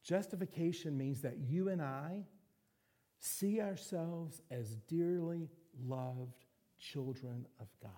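A man preaching a sermon as pastor, animated, acting out little voices and quotes. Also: a little high.

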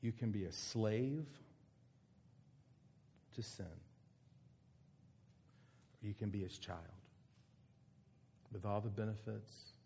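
Guy preaching, gravelly voice, kinda dark and mellow, earnest with big pauses. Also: fairly low pitch, a little hiss or hum. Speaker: pastor. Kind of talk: sermon.

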